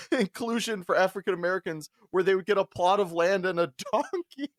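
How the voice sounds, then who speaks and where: A man's voice: high-pitched, fairly quick, no echo, clean studio sound. A man co-hosting a podcast, telling a story in a casual, profane way and laughing often. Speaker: podcast co-host.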